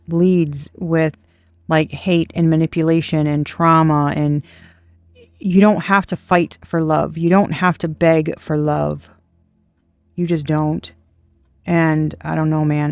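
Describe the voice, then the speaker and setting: A tarot reader giving a casual, rambling intuitive reading straight to viewers, with soft laughs and the odd swear word. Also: medium pitch, creaky, no room sound. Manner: rambling, chatty, speaks to unseen viewers.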